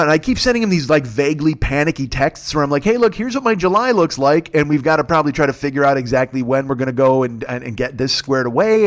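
A man in his fifties, a comedian and podcast host, telling a rambling, profane story with exasperated rants. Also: a little high. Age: 50s. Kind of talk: storytelling monologue.

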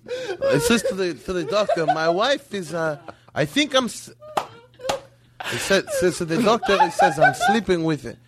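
A man telling a long joke on a podcast in broken English, laughing at his own lines and shouting the doctor's part. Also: high voice, huge pitch swings, moderate pace, heavy background noise. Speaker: comedian guest.

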